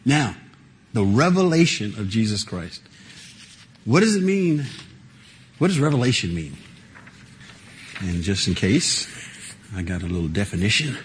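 A man's voice: fairly low pitch, slight background noise. A man teaching a Bible study to a small group, talking conversationally with frequent fillers and laughs and asking the group questions.

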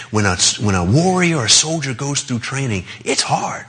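A man's voice: medium pitch, lively intonation, a little slow, a bit bright, breathy edge. A man preaching a sermon in a loose, conversational way, with chuckles as he talks.

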